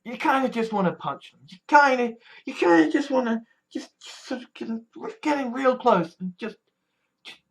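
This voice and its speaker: A vlogger talks slowly and frankly to camera, with a pitch that rises and dips a lot. The delivery is blunt and full of swearing and sighs. Weary muttering turns now and then into loud, mocking outbursts. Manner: blunt and profane, with frequent sighs and trailing restarts; swings between weary mutters and mocking shouted quotes. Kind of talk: candid personal monologue.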